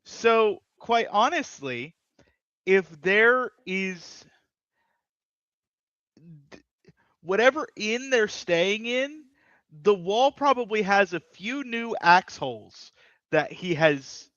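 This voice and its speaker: Brief: slow-talking male player, bright tone, slightly muffled. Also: sits high, animated, no echo. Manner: joking, halting. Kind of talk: tabletop game table talk.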